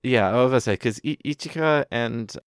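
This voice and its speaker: A man's voice: mid-range voice, a little fast, smooth, no room sound. A man co-hosting a casual podcast, mostly giving short agreeing replies and dry quips. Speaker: podcast co-host. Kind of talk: casual chat reviewing anime.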